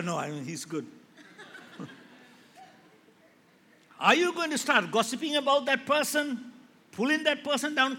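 A male pastor preaching a sermon to a church, swinging from quiet talk to loud impassioned calls and acting out the people in his stories. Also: high-pitched. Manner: rises to loud impassioned preaching, acts out quoted voices. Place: large church hall. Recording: echoey hall with faint ambience.

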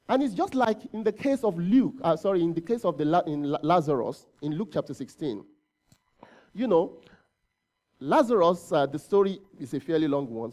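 A man's voice: sits high, dark tone. A man preaching a sermon in a conversational way, asking rhetorical questions and often correcting himself mid-phrase. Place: church service.

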